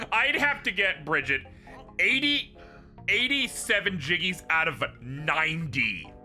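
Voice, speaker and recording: A man's voice: fairly high pitch, sing-song, takes it slowly, pushed and bright, faint music behind. A man streaming a game, chatting casually with lots of laughing and swearing. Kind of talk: casual gaming stream chat.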